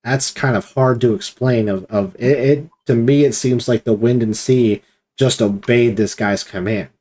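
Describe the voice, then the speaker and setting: A man's voice: medium pitch, moderate pace, darkish tone. A man leading a streamed Bible study discussion, explaining at length and acting out quoted commands with emphasis.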